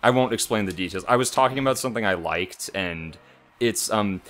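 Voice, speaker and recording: A man's voice: on the low side, fairly quick, a bit bright. A man in his mid-twenties co-hosting a casual gaming let's play, rambling and hesitant, with a self-deprecating manner. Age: mid-20s.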